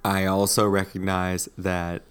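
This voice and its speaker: A man's voice: sits low, monotone, a little slow, smooth. A man co-hosting a podcast in casual chat, tossing in dry, wry quips. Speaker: podcast co-host.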